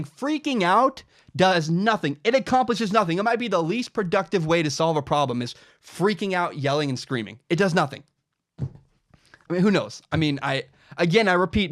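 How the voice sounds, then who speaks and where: Young male host, solo opinion rant, passionate and repetitive, bright high voice with very lively pitch. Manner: animated, impassioned, repeats himself. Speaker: podcast host giving his opinion. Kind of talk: opinion monologue.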